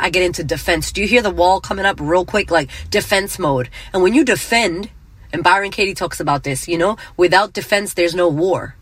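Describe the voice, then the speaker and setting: A woman's voice: lowish voice, moderate pace, fairly bright tone, slightly rough, no echo. A middle-aged woman hosting a motivational podcast, talking bluntly and emphatically, with frequent swearing. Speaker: podcast host.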